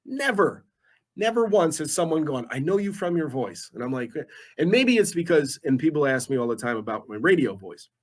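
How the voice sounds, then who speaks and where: A man's voice: fairly high pitch, very animated, brisk. A man in his forties, a radio DJ guest, chatting casually in a laid-back, self-deprecating way. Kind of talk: casual chat.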